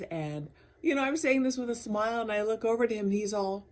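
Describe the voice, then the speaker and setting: A woman's voice: a little high, a little fast. A woman talking candidly in a personal video diary, rambling and laughing often between thoughts. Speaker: vlogger.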